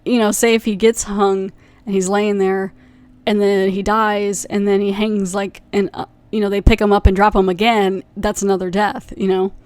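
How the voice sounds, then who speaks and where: A woman's voice: mid-range voice, level tone, darkish tone, clean tone, no room sound. Young woman podcaster rambling thru an episode recap, lots of "you know" and "like", dry close sound. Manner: rambling, with many fillers and quick acted quotes. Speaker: podcast host reviewing a TV episode.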